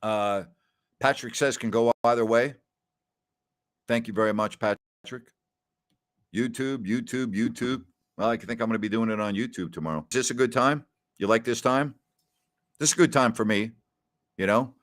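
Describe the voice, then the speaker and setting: A man's voice: medium pitch, normal speed, pauses often, fairly bright tone. A middle-aged man hosting a live question-and-answer stream, telling stories and reading viewer comments in a chatty way that often repeats names and phrases. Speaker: host.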